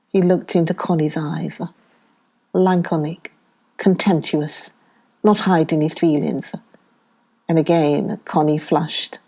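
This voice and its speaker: A woman from the United Kingdom reading a novel aloud as an audiobook narrator, in a slow, measured way, voicing the dialogue. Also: low voice, fairly even intonation, mellow. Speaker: audiobook reader. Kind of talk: scripted narration.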